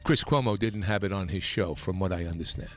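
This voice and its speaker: A man's voice: low-pitched, a little fast, soft background music. Impassioned male talk radio host. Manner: impassioned, emphatic, rising to near-shouting. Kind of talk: political commentary monologue. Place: radio studio.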